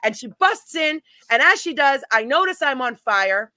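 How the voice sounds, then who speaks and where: Brief: middle-aged woman guest, forceful, dry close mic, animated storyteller. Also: sits high, normal speed, no echo. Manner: animated, chatty anecdote-telling with laughs. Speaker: guest, paranormal event organizer. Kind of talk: casual storytelling chat.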